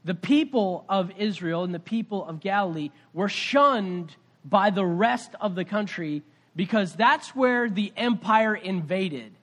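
A pastor preaching a conversational sermon, telling a story with swings between loud and soft. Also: male voice, high-pitched, measured pace.

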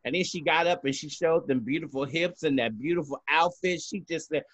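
A man's voice: fairly high pitch, a little fast, a bit bright, dry recording. A man co-hosts a casual podcast with sassy, emphatic delivery and frequent swearing. His voice is recorded dry and close, with no room sound. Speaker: podcast co-host. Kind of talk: casual chat.

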